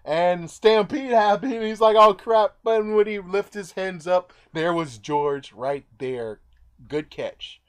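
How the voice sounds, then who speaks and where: A man rambles through a casual recap of a movie, his voice sitting a little high for a man. He jumps into the characters' lines now and then, acting them out with a lot of energy. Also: slow pace, a little mellow, smooth. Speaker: movie reviewer.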